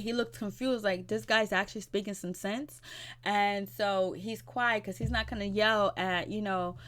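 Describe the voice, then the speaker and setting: A woman giving a casual, gossipy recap of a TV episode in a chatty retelling style. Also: medium pitch. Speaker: TV recap vlogger.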